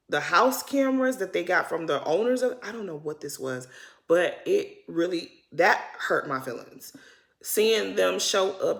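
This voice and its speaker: A woman's voice: medium pitch, a bit bright. A woman giving a casual, opinionated recap of a reality TV episode, talking in chatty slang and laughing often. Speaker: recap host.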